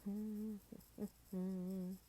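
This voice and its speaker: A tired woman streams a mobile game from home, chatting casually and rambling about her team with self-deprecating humor. Her medium-pitched voice is mellow, flat and very slow, with a little hiss or hum in the background.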